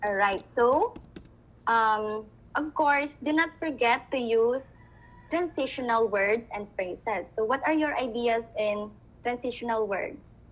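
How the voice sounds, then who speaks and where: A woman's voice: a little high, takes it slowly, low-quality recording. Filipino woman teaching an online class. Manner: mixes English with Tagalog, keeps checking understanding. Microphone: video call.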